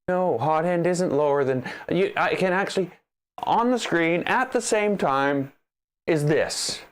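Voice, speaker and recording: A man's voice: fairly high pitch, lively intonation, measured pace. A man hosting a casual live stream while troubleshooting his 3D printer, talking straight to the machine in a sarcastic, exasperated way. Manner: talks to the machine directly.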